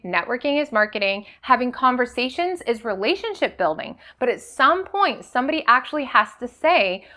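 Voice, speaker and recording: A woman's voice: a little high, bright, forceful tone. A woman hosting a motivational business talk, coaching her audience with rhetorical questions and frequent "okay?" checks.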